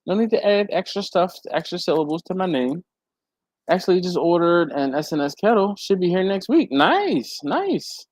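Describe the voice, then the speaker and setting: A man's voice: moderate pace, dry recording. Chatty man hosting a livestream. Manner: chatty, laughs often, lively swings in pitch. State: hot and sweaty. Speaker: livestream host. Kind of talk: casual livestream chat, reading viewer comments aloud. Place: warm home garage with a fan and air handler.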